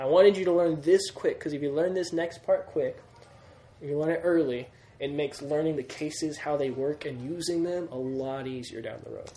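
Male teacher, fairly high voice, patient explainer, reverberant room sound. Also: dark tone. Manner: patient, repeats key points and checks understanding. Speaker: Greek teacher. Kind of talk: classroom grammar lesson. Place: classroom. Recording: roomy classroom sound.

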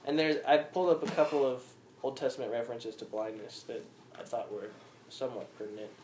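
A man teaching a casual Bible study at a middle pitch, reading passages aloud before unpacking them with questions to the group. The room sounds roomy and echoing. A faint hiss of background noise sits under his voice. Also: fairly even intonation, fast, darkish tone. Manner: reads scripture aloud, then explains with questions to the group.

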